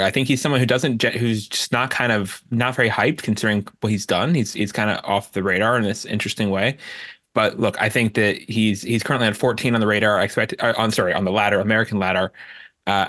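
A man appearing as a guest on a sports podcast, giving his opinions in a measured way with frequent restarts. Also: lowish voice, steady tone, a bit bright, no echo, clean studio sound. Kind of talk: casual sports podcast chat.

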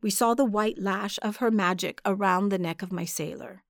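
A woman narrating a dark fantasy story in a measured, dramatic storytelling manner. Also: medium pitch, vocal fry, no room sound, clean studio sound. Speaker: audiobook narrator. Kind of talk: scripted narration.

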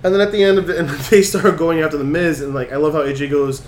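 A man co-hosting a casual chat show, recapping wrestling in an animated way and acting out quotes. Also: a little high, quick pace, roomy sound, slight background noise. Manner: animated, acts out quotes with laughs. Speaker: podcast co-host.

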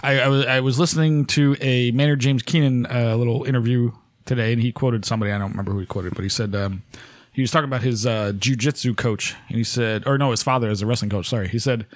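A man's voice: medium pitch, steady tone, quick pace, no echo, clean studio sound. A man co-hosting a casual podcast, laughing often and rambling as he corrects himself mid-sentence. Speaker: podcast co-host.

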